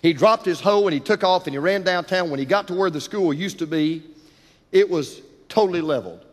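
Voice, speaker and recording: A man preaching a sermon, telling a story dramatically, building intensity and dropping to hushed tones, in a church. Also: high-pitched, fairly quick. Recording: long hall reverb.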